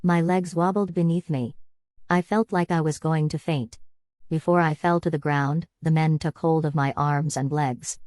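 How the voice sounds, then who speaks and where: A woman reading a first-person novel as an audiobook, in an even, measured way. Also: sits low, no echo. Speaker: audiobook narrator. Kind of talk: first-person scripted narration.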